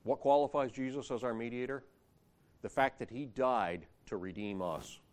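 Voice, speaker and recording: A man's voice: mid-range voice, normal speed. A man preaching a sermon, reading scripture aloud and building emphasis as he explains a Bible passage.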